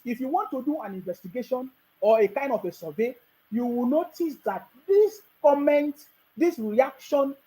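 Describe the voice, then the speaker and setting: A woman's voice: high-pitched, dark tone, rough recording. A woman with a Nigerian accent giving opinionated political commentary, mocking and combative, hammering points with repeated rhetorical questions.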